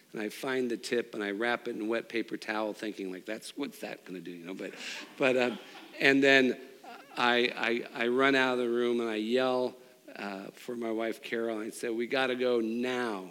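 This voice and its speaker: A middle-aged man preaching a sermon, telling a personal story with restarts and swings between loud and hushed. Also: mid-range voice, steady tone, normal speed. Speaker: pastor. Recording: long hall reverb.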